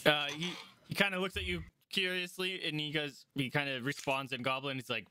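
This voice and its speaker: Bright-voiced male game master. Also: on the high side, fairly even intonation, brisk, clear, resonant tone. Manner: loose, hesitant narration with many fillers. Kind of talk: narrating a tabletop game.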